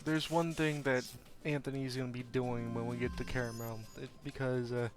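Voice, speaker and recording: A man's voice: medium pitch, level tone, normal speed, music in the background. A man chatting casually while playing a game with a friend, tripping over his words. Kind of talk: casual gaming chat.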